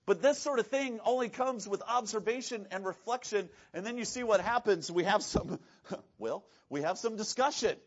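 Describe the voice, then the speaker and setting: Male pastor, high voice, lively sermon delivery with acted-out voices, dull lo-fi recording. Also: moderate pace. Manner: animated, acts out quoted voices, shifts between loud and hushed. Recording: dull lo-fi sound.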